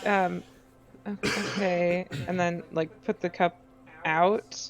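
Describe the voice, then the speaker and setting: A woman's voice: lowish voice, fairly even intonation, slow. A woman player describing her character's actions in a tabletop game, in a hesitant way with many fillers.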